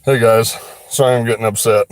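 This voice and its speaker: An upset man talking in a halting, agitated way with many restarts, livestreaming from his car while driving. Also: mid-range voice, fairly even intonation, dry recording, studio quality. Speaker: records requester livestreaming. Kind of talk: confrontational livestream.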